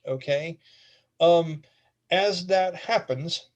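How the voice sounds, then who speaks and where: A man with a fairly high voice runs a tabletop game, narrating scenes in a loose, rambling way. He talks casually and lets an occasional swear slip in. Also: extremely slow, highs cut off. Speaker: game master.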